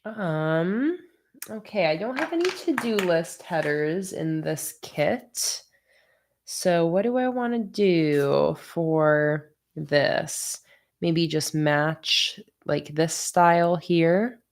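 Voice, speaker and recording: A woman's voice: lowish voice, expressive, extremely slow. A sleepy, yawning woman hosting a casual planning livestream, chatting with viewers as she thinks aloud. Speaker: bullet journal livestream host. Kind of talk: casual livestream chat while crafting.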